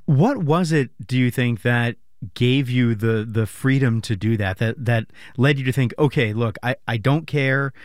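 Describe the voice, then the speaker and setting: A man's voice: mid-range voice, moderate pace, no echo, studio quality. A man hosting an interview, asking attentive follow-up questions. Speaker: interviewer host.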